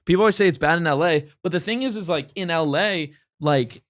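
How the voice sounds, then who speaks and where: A man's voice: on the high side, a little fast, a bit bright, no room sound, clean studio sound. A young man from Los Angeles telling a rambling story on a podcast, with lots of "like" fillers, acting out voices as he goes. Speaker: podcast host. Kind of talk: casual storytelling chat.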